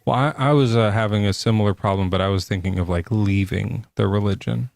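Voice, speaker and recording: A man's voice: on the low side, a little fast, creaky, a little mellow. A man hosting a casual livestream debate show, talking with many fillers and restarts. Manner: hedging, lots of fillers and restarts. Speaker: podcast host.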